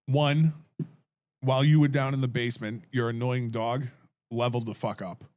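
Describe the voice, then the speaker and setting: A man's voice: medium pitch, steady tone, moderate pace, a little mellow. A man co-hosting a podcast, responding with wry jokes in casual chat. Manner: wry, joking. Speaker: podcast co-host.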